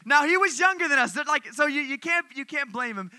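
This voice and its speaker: Young male youth speaker, high voice, very bright tone, lively sermon storyteller. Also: fairly quick, no echo. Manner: animated storytelling to a crowd.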